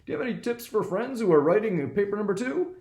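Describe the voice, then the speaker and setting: A man's voice: sits high, expressive, quick pace, creaky, darkish tone. A man doing a folksy impression of a president, hosting a comedic classroom skit with exam tips. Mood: cheerful. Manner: folksy, chatty, upbeat. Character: adult male impression of a former US president. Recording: echoey room.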